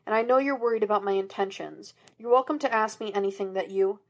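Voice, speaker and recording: A woman voicing a gruff middle-aged male police detective, lower and quieter, in an audiobook reading. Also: fast talker, lightly acted.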